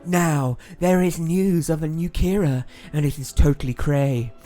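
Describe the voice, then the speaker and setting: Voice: medium pitch, unhurried, dark tone, soft background music, lightly acted. A radio co-host voicing a perky female TV news presenter in a comic fan-fiction reading. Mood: chirpy.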